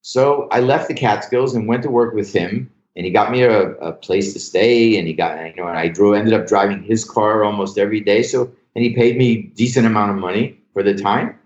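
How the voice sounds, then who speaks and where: A man, a comedian and joke writer, telling stories in casual talk, animated, acting out quotes and swearing freely. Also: fairly low pitch, fairly quick, few pauses, reverberant, muffled recording. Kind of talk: casual storytelling interview.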